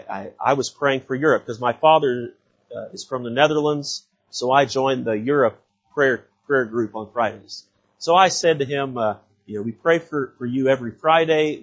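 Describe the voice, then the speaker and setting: A middle-aged man preaching from a church pulpit in a husky, slightly breathy voice. He tells stories in a folksy way, full of fillers and restarts. The recording is dull and lo-fi. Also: medium pitch. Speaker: visiting missionary preacher. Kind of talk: sermon. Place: church sanctuary.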